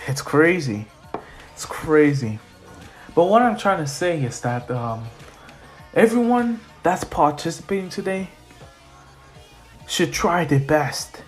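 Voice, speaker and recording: A man's voice: on the high side, big pitch swings, slow pace, long pauses, faint music behind. A man voicing a teenage boy hero who gives an earnest, rambling pep talk full of fillers.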